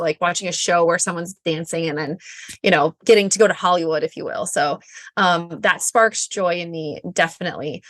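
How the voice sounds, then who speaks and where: A woman's voice: medium pitch, a bit bright, no echo, clean studio sound. A woman in her thirties, a coach guest, chatting casually in an interview, bubbly and full of likes and ums. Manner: bubbly, chatty, says like and um often.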